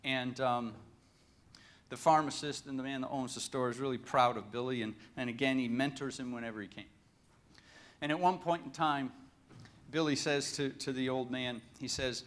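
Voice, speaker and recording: A man giving a lively storytelling talk at a conference, folksy and joking. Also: mid-range voice, moderate pace. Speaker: conference speaker.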